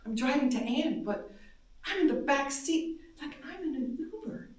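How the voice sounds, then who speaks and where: High-voiced woman reading in an echoing hall. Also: lively intonation, moderate pace. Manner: intense, emotional, shifts between hushed and loud. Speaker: performer reading dream monologues. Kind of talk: dramatic live reading of first-person dreams. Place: darkened live performance space. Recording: very echoey hall, voice from far off.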